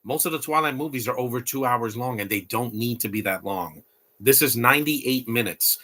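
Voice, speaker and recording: A man's voice: medium pitch, normal speed, sharp tone. A man hosting a casual live movie commentary, rambling and opinionated with blunt asides.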